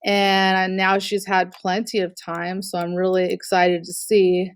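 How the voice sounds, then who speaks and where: A woman's voice: medium pitch, monotone, unhurried, clean tone, no room sound. Woman art teacher on a video call. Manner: encouraging, gives direct critique with fillers. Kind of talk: live online class critique.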